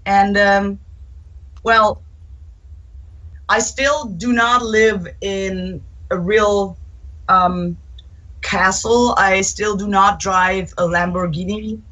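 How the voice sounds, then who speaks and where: A woman's voice: medium pitch, extremely slow, long pauses, dull audio. A young adult woman, a guitarist, answering interview questions in a chatty way, acting out quotes from fans as she tells stories. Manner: chatty, animated storytelling with acted-out quotes.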